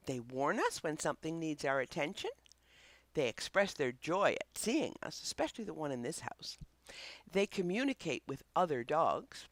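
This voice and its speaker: A woman's voice: sits low, very animated, normal speed, no room sound. A woman hosting a chatty puppy-training vlog, playful and fond of barking imitations.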